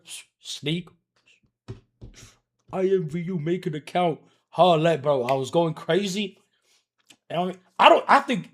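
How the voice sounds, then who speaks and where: A man livestreaming and telling a story to his chat, animated and profane, moving between mutters and shouts. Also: on the high side, gravelly.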